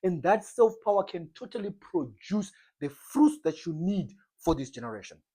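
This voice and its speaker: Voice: medium pitch, sing-song, normal speed, warm tone, slightly rough. A preacher giving an informal sermon in an emphatic, repetitive style, often acting out short comic exchanges. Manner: emphatic, repetitive, uses comic role-play.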